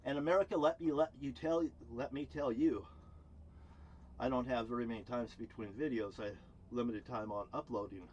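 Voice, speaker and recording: A man's voice: steady tone, moderate pace, slight background noise. Angry man ranting, heavy swearing. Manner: heated, swearing constantly, swinging between loud outbursts and low muttering. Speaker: vlogger. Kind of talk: angry profane rant to camera. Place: outdoors near a cruise ship terminal.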